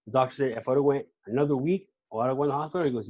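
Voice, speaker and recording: Halting, slangy man on a lo-fi recording. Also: mid-range voice, darkish tone, dry recording. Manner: slangy and halting, repeats words. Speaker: podcast guest. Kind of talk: casual personal testimony.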